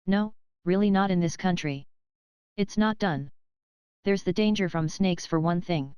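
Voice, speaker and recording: A woman's voice: on the low side, unhurried, a little mellow, clean tone, no room sound, clean studio sound, close to an everyday voice. A woman reading the part of a curt, dictatorial young male English official in an audiobook.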